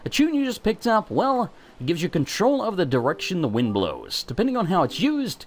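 A man's voice: high voice, wildly swooping pitch, fairly quick, voice pushed up, full character voice. A man voicing a cheerful male wind god, a frog-like figure in a cloud, as he reads game dialogue aloud in a chummy, folksy way.

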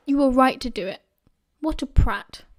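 A woman's voice: sits high, normal speed, no room sound, studio quality, lightly acted. A woman with a British accent voicing a confident, sly schoolboy with a wry, offhand way of talking.

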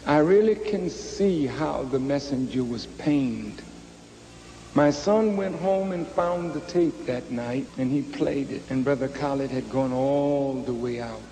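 Man, dark mellow voice, measured and grave, long hall reverb. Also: medium pitch. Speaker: religious leader. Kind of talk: public address.

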